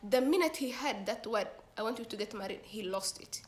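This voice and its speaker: A woman retells a story in a casual, slangy way, animatedly acting out the dialogue as she goes. Her voice is a little high and brisk.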